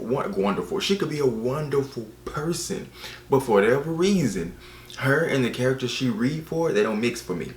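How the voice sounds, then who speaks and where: A man reviewing books in a casual vlog, animated and exasperated, repeating phrases for effect. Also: medium pitch, moderate pace, roomy sound. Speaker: book reviewer.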